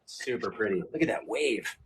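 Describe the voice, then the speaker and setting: A man hosting a live painting stream, chatting casually and joking while he paints, often trailing off into quiet mumbles. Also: on the low side, animated, moderate pace, low-quality recording.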